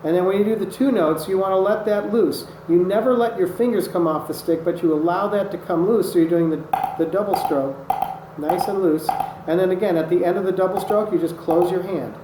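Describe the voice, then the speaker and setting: A man's voice: high voice, a little fast. Man teaching drum rudiments, echoey room. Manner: patient, methodical, counts strokes aloud. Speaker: drum instructor. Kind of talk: instructional demonstration. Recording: echoey room with loud noise. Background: drumming on a practice surface.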